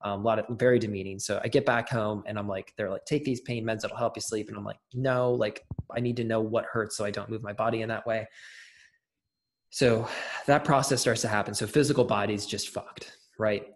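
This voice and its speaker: A man's voice: fairly low pitch, steady tone, fairly quick. A young adult man, an interview guest, telling a personal story in casual conversation, with many fillers and restarts.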